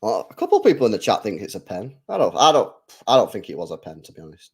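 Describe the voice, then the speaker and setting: A young man hosting a live football watchalong, reacting to the match, talking to his chat and bursting into shouts and laughter. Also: fairly low pitch, quick pace, breathy edge. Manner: excitable, bursts into shouts and laughter, chats to viewers.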